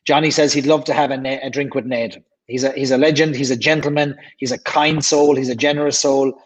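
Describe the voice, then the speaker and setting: A man's voice: mid-range voice, steady tone, a little fast, slightly rough, rough recording. An Irish man hosting a casual livestream, chatting and reading viewer comments aloud, often repeating himself. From Ireland. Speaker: livestream host.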